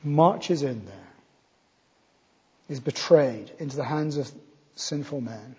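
A man's voice: medium pitch, takes it slowly, a little mellow. A man from Scotland preaching a sermon, earnest and rising to emphatic scripture readings. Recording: muffled, long hall reverb.

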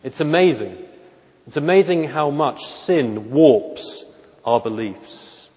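Slow, deliberate preacher in a reverberant hall. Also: male voice, medium pitch, darkish tone. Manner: measured, emphatic, asks rhetorical questions. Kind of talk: expository sermon. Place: church during a worship service. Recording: dull lo-fi recording with long hall reverb.

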